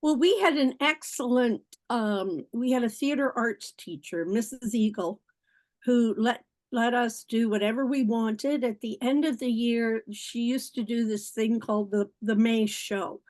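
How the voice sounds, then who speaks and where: Older woman, higher voice, podcast guest, modest, reflective, gracious. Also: unhurried, a little mellow. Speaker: guest comedian. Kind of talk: reminiscing podcast interview.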